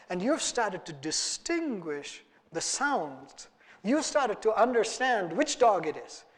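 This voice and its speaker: A man's voice: high voice, very animated, takes it slowly. A man preaching a sermon earnestly, acting out small dialogues and letting his voice rise and fall for emphasis. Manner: earnest, rising and falling for emphasis, acts out little dialogues. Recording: long hall reverb.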